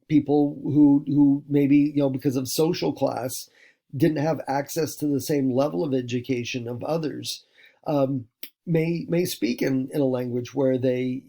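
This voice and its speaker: A man's voice: medium pitch, creaky, dark tone. A man from the United States, teaching a recorded lesson in a rambling way with many fillers and restarts. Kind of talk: recorded classroom lecture.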